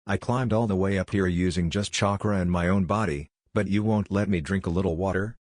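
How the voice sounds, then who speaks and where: A man voicing a loud, brash young boy who is rude and blunt, in a read-aloud story. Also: low voice, fairly quick, no echo, studio quality, lightly acted.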